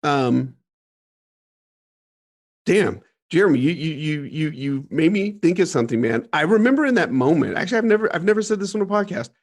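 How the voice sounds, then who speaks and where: A man's voice: a little high, animated, a little fast. A man telling a painful childhood story as a podcast guest, earnest and emphatic, laughing through hard memories. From Ohio, USA. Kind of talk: candid storytelling interview.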